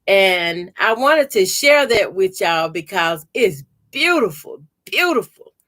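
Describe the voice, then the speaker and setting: A woman's voice: mid-range voice, animated, slow pace, fairly bright tone. A woman hosting a quilting channel, chatting casually on a home livestream, greeting viewers by name and showing her work to the camera. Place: home room by a door.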